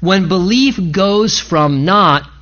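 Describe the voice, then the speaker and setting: A man's voice: high-pitched, lively intonation, slow, a bit bright, dull audio. A man pastor giving an earnest, impassioned sermon in church, pleading with his listeners.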